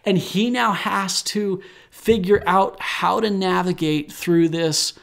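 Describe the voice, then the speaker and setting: A man's voice: sits high, fairly even intonation, slow pace, vocal fry, a bit bright. A young man hosting a solo podcast, talking earnestly with restarts and fillers. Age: young adult. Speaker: podcast host.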